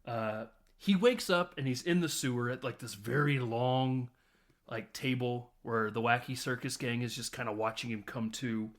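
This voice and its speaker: An animated man hosting a podcast, casually retelling a film scene by scene. He laughs often, swears freely and keeps a loose, chatty rhythm in an average voice. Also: mid-range voice, moderate pace. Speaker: podcast host.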